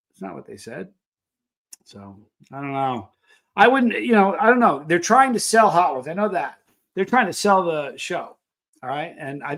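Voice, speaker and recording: A man hosting a live chat stream, rambling casually and greeting viewers by name. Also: a little high. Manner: rambling, animated, reads out viewer names. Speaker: livestream host.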